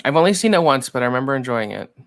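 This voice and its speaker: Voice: mid-range voice, very animated, racing, creaky. Cohost on a movie watch-along, mid voice, easygoing and laughs a lot. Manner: agreeable, laughs easily. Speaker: podcast co-host.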